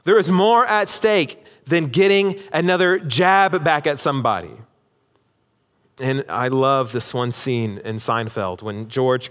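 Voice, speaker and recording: A man's voice: mid-range voice, a bit bright. A man preaching a sermon to a congregation, emphatic, acting out quoted lines. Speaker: pastor. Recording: long hall reverb.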